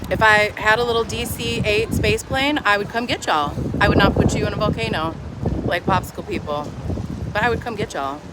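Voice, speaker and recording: A woman's voice: mid-range voice, fairly quick. A woman livestreaming on a phone outdoors, chatting casually in a mocking, sarcastic way. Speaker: livestreamer at a street protest. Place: outdoors on a city street. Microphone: phone held while streaming. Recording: outdoor street noise with passing traffic.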